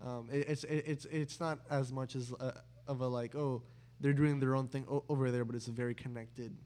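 A man's voice: medium pitch, steady tone, fairly quick, darkish tone. A young man hosting a casual chat with his younger brother, rambling with many restarts and dry, sarcastic teasing. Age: young adult. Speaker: podcast host.

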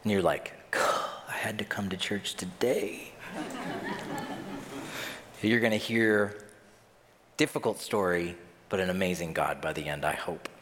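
A male pastor delivers a sermon in an animated, expressive way, jumping between his own voice and acted-out reactions. His pitch swings widely through each line. The church carries a long, hall-like reverb.

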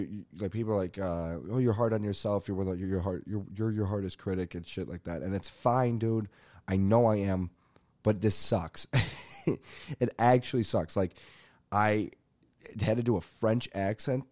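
A man's voice: lowish voice, warm tone, dry recording. A young man hosting his own podcast alone, chatting casually in a rambling, self-deprecating, jokey way. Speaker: podcast host. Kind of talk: casual solo podcast chat.

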